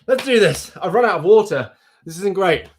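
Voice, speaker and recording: A man's voice: high-pitched, expressive, moderate pace. Giggly young man hosting live. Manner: giggly and chatty, often breaking into laughter. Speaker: livestream host. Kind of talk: casual live stream chat.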